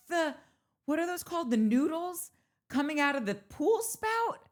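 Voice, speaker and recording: A woman's voice: high voice, sing-song, measured pace. A woman co-hosting a podcast, chatting casually and joking, often breaking into laughter. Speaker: podcast co-host. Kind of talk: casual recap chat.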